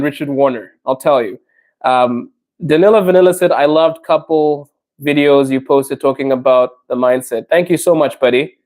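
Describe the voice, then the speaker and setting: A young adult man hosts a casual livestream and talks straight to his viewers, friendly and chatty, laughing easily between comments. His voice sits a little high for a man. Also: darkish tone. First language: not Russian; learning Russian. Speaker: podcast host reading live chat comments.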